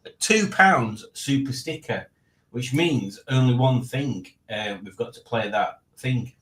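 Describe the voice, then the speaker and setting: A man's voice: mid-range voice, slow, fairly bright tone. A man in his late forties hosting a casual live stream, rambling and reading out chat with self-mocking asides. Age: 40s.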